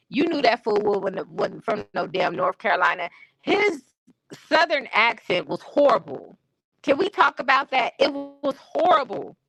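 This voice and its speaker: A woman host chats casually on her stream, speaking frankly with slangy everyday phrasing. Her voice sits a touch high and sounds bright. The recording is close and dry. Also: dry recording, poor audio. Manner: candid and opinionated, with slangy talk. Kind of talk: casual chat. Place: home streaming setup.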